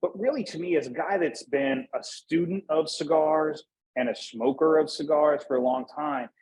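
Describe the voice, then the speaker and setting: A man's voice: a little high, moderate pace, a little mellow, slightly rough, poor audio. A man from Northeast Pennsylvania, a guest in a casual interview, speaking in an easygoing way with "you know" fillers. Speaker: guest, cigar brand manager.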